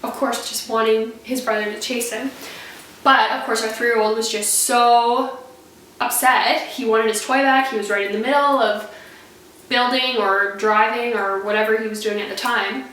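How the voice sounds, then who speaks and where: A woman in her thirties casually talking about parenting to the camera, chatty and laughing often, getting lively when she quotes her kids. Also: fairly high pitch, moderate pace. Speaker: parenting vlogger. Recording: echoey room, a little far from the mic.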